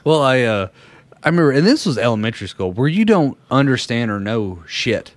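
Animated, laughing young man storyteller. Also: mid-range voice, fairly quick, no echo. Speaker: podcast host. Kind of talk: casual chat.

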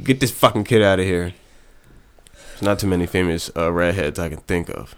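A man in casual comedic banter, riffing loudly with laughs and cursing. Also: low-pitched, normal speed, clear, resonant tone.

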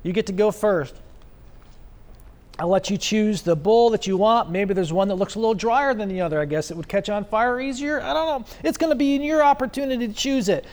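Male pastor, very high voice, smooth and resonant, joking sermon at a stand microphone. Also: fairly quick. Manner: animated, joking storytelling. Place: church stage.

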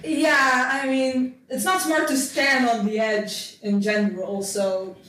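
A woman's voice: high-pitched, level tone, slow pace, a bit bright. A woman voicing a breezy young elf woman. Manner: offhand, shrugging replies. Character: young blonde elven woman, breezy and dismissive. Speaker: non-player character. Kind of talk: tabletop role-play acting. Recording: roomy, distant mic, faint noise.

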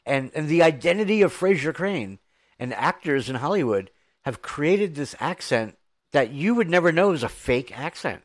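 An American podcast host with a mid-range voice, telling stories with enthusiasm and plenty of quick asides. His voice sounds dry and close, with no room around it. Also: fairly high pitch, very animated, no echo. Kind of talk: casual podcast chat.

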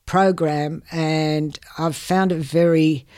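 An older woman, giving earnest, measured interview answers and often repeating words. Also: low-pitched, steady tone, darkish tone. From Hungary. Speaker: guest. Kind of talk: interview answers, personal recollection.

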